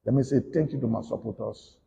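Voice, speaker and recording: A man with a Liberian English accent, a politician giving a combative, accusing rant that swings between shouting and muttering. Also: medium pitch, fast talker, vocal fry, in a large hall, highs cut off, slight background noise.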